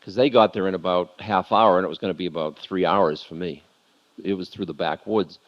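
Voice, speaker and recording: A man's voice: low-pitched, fairly even intonation, brisk, muffled recording. Candid man telling a story at a lecture. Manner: candid confessional storytelling, laughing at himself. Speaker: spiritual lecturer.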